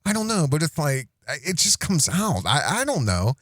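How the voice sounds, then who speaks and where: A man's voice: fairly high pitch, big pitch swings, moderate pace, fairly bright tone, no echo, clean studio sound. A man hosting an online commentary show, talking in a rambling, self-interrupting way with many restarts and asides. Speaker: host.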